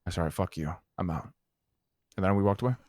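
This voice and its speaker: A man's voice: low voice, fast talker, darkish tone, no echo, clean studio sound. A man in character in an online roleplay, telling a heated, profane story to a friend. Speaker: roleplay gang member recounting events.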